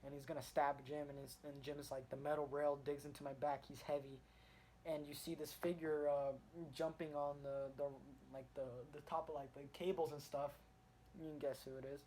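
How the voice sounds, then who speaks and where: Rambling, excitable man reviewing comics. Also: fairly high pitch, low-quality recording. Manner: rambling, full of fillers and restarts; excited retelling of the story.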